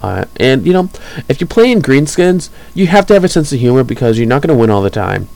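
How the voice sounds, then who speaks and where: A man's voice: medium pitch, sing-song, fast, vocal fry, a little mellow, no echo, low-quality recording. A man hosting a casual podcast, rambling and chuckling enthusiastically as he talks about hobby news. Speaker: podcast host.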